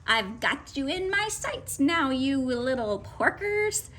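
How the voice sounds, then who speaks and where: Woman putting on a screechy, bossy storybook witch, high and loud, big pitch swings, hungry and cranky. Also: sing-song, slow pace, heavily acted. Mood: gloating. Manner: bossy, demanding shouts. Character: greedy screeching witch, hungry and short-tempered. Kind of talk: storybook read-aloud.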